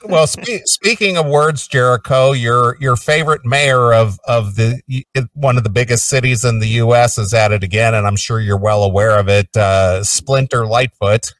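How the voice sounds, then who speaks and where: A man hosting a podcast, speaking haltingly with many fillers. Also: medium pitch, fairly bright tone, no room sound, far from the mic. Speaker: podcast host. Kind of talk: casual podcast chat. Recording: dry, mic set back.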